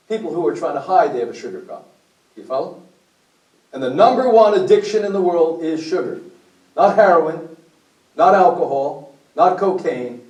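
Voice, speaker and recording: A man's voice: on the high side, a little mellow. A man giving a blunt, preachy talk to a group at a health meeting, throwing questions at the audience. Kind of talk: impassioned lecture to a group. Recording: echoey room from far off.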